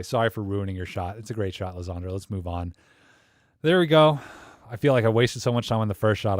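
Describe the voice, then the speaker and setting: A man's voice: lowish voice, darkish tone, no echo, studio quality. A man hosting a live stream, critiquing viewer photos in joking, rambling chat full of fillers. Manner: joking, rambling, thinks aloud with many fillers.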